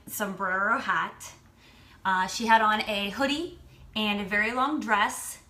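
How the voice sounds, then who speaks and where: A woman's voice: mid-range voice, sharp tone, reverberant. A woman telling a personal story in a chatty way, repeating details for effect, as a self-help author.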